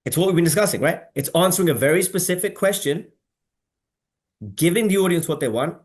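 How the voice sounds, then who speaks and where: A man's voice: high-pitched, fairly quick. A man hosting a casual marketing webinar on a video call, talking emphatically and asking the audience to respond. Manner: animated, emphatic, asks audience for replies. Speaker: webinar host.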